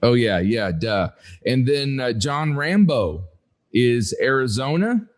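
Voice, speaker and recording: A man co-hosting a podcast in casual chat, unhurried and hesitant, with many fillers. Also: mid-range voice, very animated. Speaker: podcast co-host.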